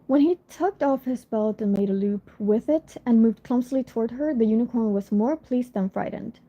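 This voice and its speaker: A woman reads a novel aloud for a livestream, steady and unhurried. Her voice is a little high and mellow in tone. The audio is dull and lo-fi, as from a phone mic. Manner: casual, apologetic asides between passages. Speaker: storyteller reading a book aloud on a livestream. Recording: lo-fi phone recording.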